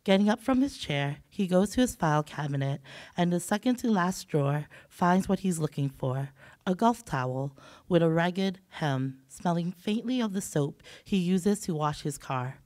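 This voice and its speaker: A woman with a low voice and a cold reads her novel in progress, hesitant and full of fillers whenever she leaves the page. Her voice is recorded close and dry. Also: expressive, moderate pace, darkish tone, no room sound. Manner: hesitant, filler-laden when speaking off the page. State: has a cold. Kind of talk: literary reading aloud. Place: event hall.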